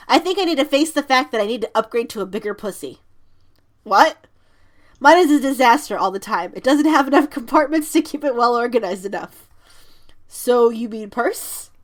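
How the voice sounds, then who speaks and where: A woman co-hosting a podcast, casually reading funny text messages aloud and giggling through them. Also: on the high side. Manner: giggly, reads quotes with playful emphasis. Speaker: podcast co-host.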